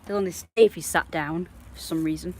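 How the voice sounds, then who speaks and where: A woman's voice: deep voice, steady tone, quick pace, a little hiss or hum. Chatty woman live streaming. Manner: chatty, scolds her dog loudly. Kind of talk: casual live stream chat.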